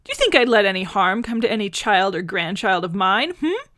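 A woman's voice: mid-range voice, very animated, moderate pace, fairly bright tone, no echo, clean studio sound, pitched above the performer's own voice. A woman putting on a fussy, haughty old man. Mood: fussy, indignant. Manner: prim, indignant, with a questioning "hmm".

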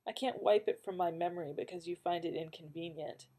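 A woman reading the part of a grim, guarded male immortal swordsman in an audiobook, speaking in tight, clipped, gruff lines. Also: fairly low pitch, a little fast, warm tone. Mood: strained.

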